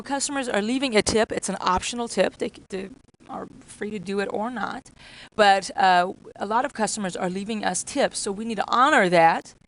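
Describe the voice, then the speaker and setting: Woman, workplace trainer, mid-pitch voice with vocal fry, repetitive coaching delivery. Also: low-quality recording. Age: adult with children. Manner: repetitive, acts out customer exchanges. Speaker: restaurant staff trainer.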